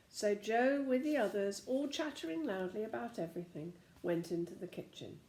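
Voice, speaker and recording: A woman narrating a children's storybook aloud with an expressive reading manner. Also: mid-range voice, moderate pace, few pauses. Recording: roomy echo.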